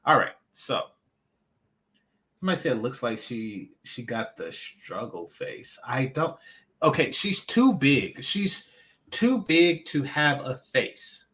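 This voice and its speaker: Bright-voiced man doing reaction commentary. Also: medium pitch, slow pace. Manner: animated, mocking, emphatic, repeats himself. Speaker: commentary channel host.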